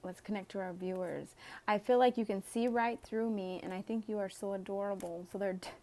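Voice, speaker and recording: A woman's voice: medium pitch, steady tone, a little fast, a little mellow. A woman doing a casual tarot reading for viewers. She reads the cards aloud in a chatty way, with sighs and laughs along the way. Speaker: tarot reader.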